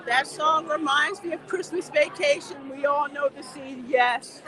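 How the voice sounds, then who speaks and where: Chatty high-voiced woman in a crowd. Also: steady tone, a little slow. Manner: chatty, laughing, talks back to viewer comments. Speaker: livestream host. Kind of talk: casual livestream chat while walking a theme park queue. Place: outdoor theme park queue with crowds. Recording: busy crowd noise outdoors.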